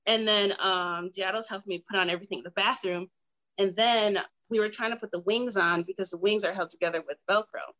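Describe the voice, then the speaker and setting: Young woman rambling thru a story, super animated, lots of like, giggles along the way. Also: medium pitch, brisk, highs cut off. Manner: animated, breathless storytelling with frequent "like" and laughs. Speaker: guest telling a story. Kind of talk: casual storytelling chat.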